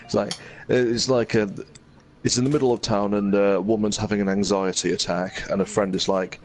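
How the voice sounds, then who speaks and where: A man in casual chat as a co-host, setting up a joke in a relaxed storytelling way. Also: fairly low pitch, normal speed.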